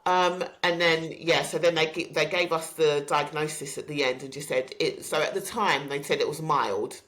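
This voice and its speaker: A woman, hosting a podcast and candidly recounting a personal story with many pauses and ums. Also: sits low, a bit bright. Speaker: podcast host.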